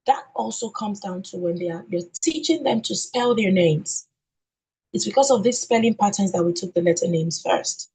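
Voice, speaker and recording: A woman training teachers in phonics, modelling letter sounds slowly and deliberately and checking in with "okay?". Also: mid-range voice, animated, dark tone, husky, poor audio. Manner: ends points with a questioning "okay?".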